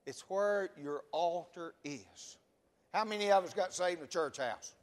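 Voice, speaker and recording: A man's voice: high-pitched, a little slow, big-room sound. A man preaching a sermon in a church, asking the congregation question after question with a rising and falling cadence. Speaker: pastor.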